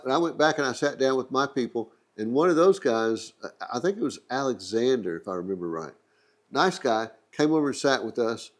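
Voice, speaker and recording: A middle-aged man with a Texan accent, casually telling a rambling, joking travel anecdote as the host of a museum channel. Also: medium pitch. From Texas. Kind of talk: casual storytelling.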